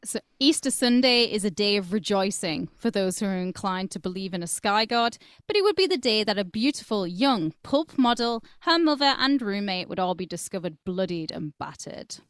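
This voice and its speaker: A woman co-hosting a true-crime podcast talks in an easy, joking way as she reads quotes aloud. Her pitch sits in the middle for a woman. The sound is dry and close, with no room echo. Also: lively intonation, normal speed, few pauses. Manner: chatty, jokey storyteller, reads quotes aloud. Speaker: podcast co-host.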